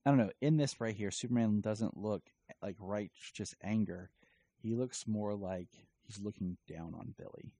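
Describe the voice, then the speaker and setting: Brief: casual male comic reviewer, deep, mellow, slightly breathy. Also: moderate pace, dry recording, low-quality recording. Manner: rambling, filler-heavy retelling. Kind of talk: casual chat.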